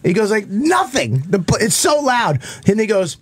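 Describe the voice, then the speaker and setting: A man from tells a story on a talk radio show. His voice sits a little high, and he acts out other people's lines with bursts of laughter and shouting. The delivery is loose, quick and conversational. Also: slight background noise. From Boston area. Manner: animated storyteller acting out quotes, laughing and shouting. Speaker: comedian guest. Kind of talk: casual radio chat, storytelling.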